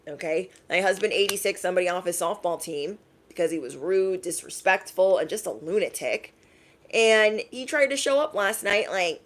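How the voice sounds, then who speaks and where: A woman's voice: on the low side, normal speed, slight background noise. A young adult woman giving channeled intuitive messages, sassy and emphatic, repeating lines for effect. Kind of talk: casual direct-to-camera messages.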